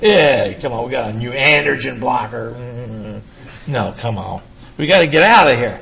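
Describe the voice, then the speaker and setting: An older man giving a urology lecture to an audience, emphatic and animated, firing rhetorical questions at the room. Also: mid-range voice, moderate pace, creaky, crowd noise.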